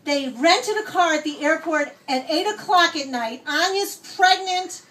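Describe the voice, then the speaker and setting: A woman's voice: very high-pitched, lively intonation, unhurried, fairly bright tone. A woman in her sixties giving a rambling, laughing birthday speech at an outdoor party, telling a story. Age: 60s. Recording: voice from a distance.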